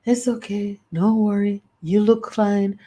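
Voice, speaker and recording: A woman putting on her very old great-grandmother, hushing and reassuring a hurt child. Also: medium pitch, flat delivery, takes it slowly, voice pushed up. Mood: soothing.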